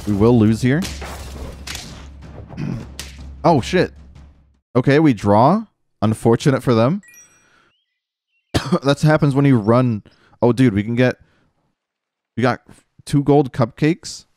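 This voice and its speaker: A man's voice: medium pitch, expressive, slow pace, pauses often, darkish tone, dry recording. A man streaming a game with casual commentary, talking to himself, mocking his own moves and swearing now and then. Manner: self-mocking, talks to himself while playing; swears casually, says dude a lot. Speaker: gaming streamer.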